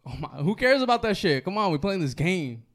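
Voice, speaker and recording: A man's voice: high-pitched, sing-song, fairly quick. A young man playing a drinking trivia game, teasing the others and swearing. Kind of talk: rowdy casual banter.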